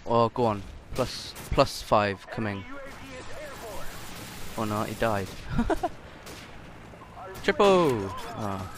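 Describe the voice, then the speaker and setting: A man giving jokey, excitable commentary over his own first-person shooter gameplay, quickly frustrated when shots miss. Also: on the low side, a crowd in the background. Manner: excitable, joking, easily frustrated. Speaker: gaming channel host. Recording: game gunfire noise behind voice. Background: shooter game gunfire.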